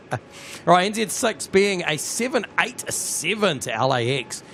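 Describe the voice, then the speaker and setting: A man with a New Zealand accent, hosting a live plane-spotting stream, chatty and excitable as he talks to his viewers outdoors at an airport. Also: high-pitched, a little slow, slight background noise.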